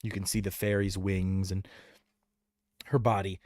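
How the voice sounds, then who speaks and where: A man narrating a tabletop game as game master in an animated, descriptive way. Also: sits low, unhurried, no echo.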